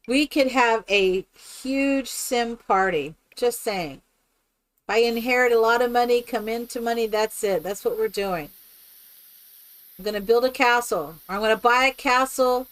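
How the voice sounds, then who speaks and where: A woman's voice: on the high side, a little slow, fairly bright tone. A woman streaming a game live, chatting casually with viewers in a rambling, exclamatory way. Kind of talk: casual live-stream chat while playing.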